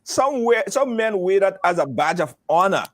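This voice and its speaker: A man hosting a live call-in talk show, lively and quick to steer the conversation. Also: high voice, no room sound, clean studio sound. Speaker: host.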